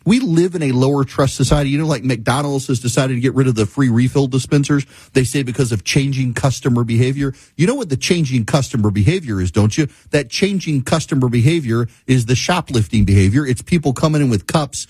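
A man's voice: medium pitch, a little fast, few pauses, a little mellow, slightly rough, dry recording. A man hosting a talk show, delivering an exasperated, sarcastic ranting monologue.

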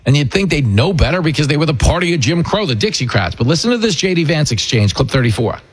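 This talk radio host's voice sits on the high side, sing-song and quick with a breathy edge. He runs a political show, giving an opinionated, combative, sarcastic monologue peppered with mocking impressions.

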